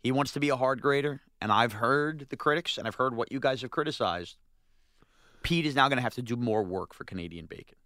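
A man's voice: medium pitch, fairly quick, bright, forceful tone, no room sound, studio quality. A man co-hosting a sports radio show, complaining with indignant, rising outbursts. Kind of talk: animated sports radio banter.

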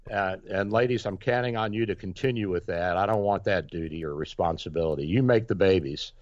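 A man's voice: low-pitched, a little fast, darkish tone, no echo. A man hosting a radio show, telling long rambling stories in casual chat with many restarts and fillers. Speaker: radio show host, doctor. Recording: dry, dull lo-fi radio sound.

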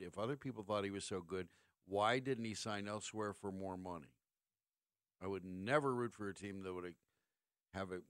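A man's voice: fairly low pitch, dry recording, studio quality. A middle-aged man hosting sports talk radio, ranting sarcastically and firing off rhetorical questions.

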